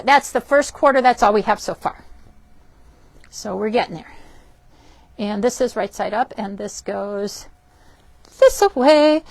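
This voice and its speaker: Indoors in a fabric shop, a woman with a high, bright voice hosts a casual live-stream demo of fabrics and books. She's chatty and upbeat, with frequent ums and self-corrections, stumbling over words at times. The recording is dry and close, without room echo.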